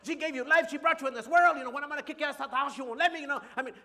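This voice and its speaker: A man voicing his own stern, hot-tempered father, who shouts as he scolds a boy. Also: very high voice, rapid-fire, pitched above the performer's own voice, full character voice. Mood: angry scolding. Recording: long hall reverb.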